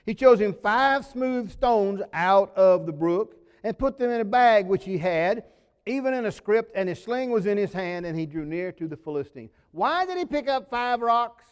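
A male pastor, preaching a sermon as folksy storytelling that swings between loud emphasis and sudden low drops. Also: expressive, normal speed, clear, resonant tone. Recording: long reverb of a large hall.

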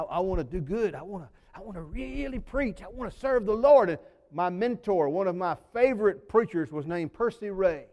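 High-voiced preacher in a reverberant hall. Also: male voice. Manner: folksy storytelling, swinging between loud emphasis and sudden low drops. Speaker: pastor. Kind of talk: sermon. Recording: long reverb of a large hall.

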